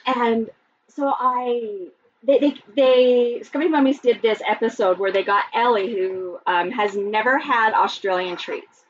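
A woman hosting a podcast in casual chat, giggly and rambling as she talks quickly. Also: mid-range voice. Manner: giggly, rambling, fast-talking. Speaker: podcast host. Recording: distant mic, dull sound, faint noise.

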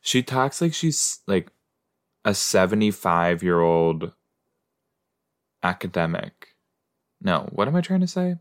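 With a low, sing-song delivery, this man speaks slowly and pauses often. As host of a casual podcast watching a TV episode, he chats, calls out at the screen, talks back to the characters and muses with playful asides.

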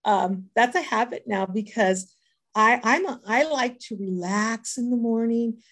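A woman's voice: fairly high pitch, measured pace, fairly bright tone. An older retired woman sharing her daily habits in a recovery group, in an earnest, reflective way with lots of hesitant fillers. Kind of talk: personal sharing talk.

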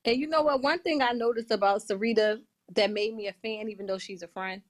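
A woman co-hosting a casual podcast, answering fast with teasing comebacks. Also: a little high. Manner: quick retorts, teasing.

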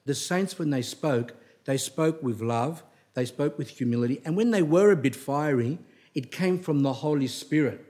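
A man's voice: on the high side, moderate pace, mellow. A middle-aged man giving a religious talk, telling stories in a digressive way and often restarting his sentences, turning blunt and emphatic when he scolds. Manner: digressive, anecdotal, with frequent restarts. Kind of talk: rambling spoken religious talk.

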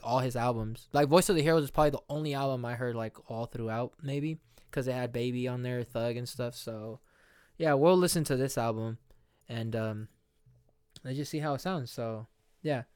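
Guy hosting a podcast, loose rambly reaction chat, smooth clear voice, dry close sound, faint music behind. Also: mid-range voice, dry recording. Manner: loose, rambling, heavy use of "like" and "you know what I'm saying". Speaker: podcast host reacting to an album.

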